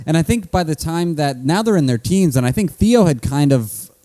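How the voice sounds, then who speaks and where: Young man, mellow voice, dry close sound, laid-back podcast banter. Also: fairly high pitch, animated, normal speed, dry recording. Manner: laid-back, puns and goofy quoted voices. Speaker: podcast co-host. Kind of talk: casual comedic history chat.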